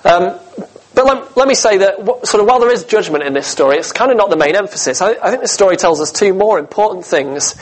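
A man preaching a sermon, telling the story with lively asides, humor and rhetorical questions. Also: high-pitched, fast, low-quality recording.

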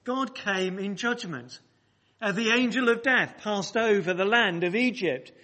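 A man's voice: sits high, unhurried, pushed and bright. A man preaching a sermon to his congregation, emphatic and repeating phrases for weight, speaking directly to the people in the church.

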